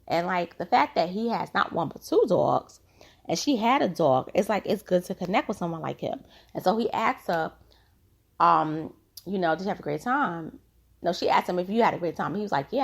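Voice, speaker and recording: A woman with a gravelly, fry-edged voice talks through a reality show episode. She sits at a middle pitch, replays scenes by quoting the cast, and drops in her own chatty opinions along the way. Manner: chatty, retells scenes with quoted lines and asides. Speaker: reality TV recap host. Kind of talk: casual episode recap.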